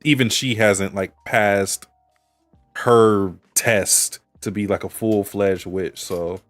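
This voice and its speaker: A man's voice: fairly low pitch, fairly even intonation, takes it slowly, no room sound, soft background music. A man co-hosting a podcast, casually analyzing an anime episode and thinking aloud with restarts. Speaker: podcast co-host.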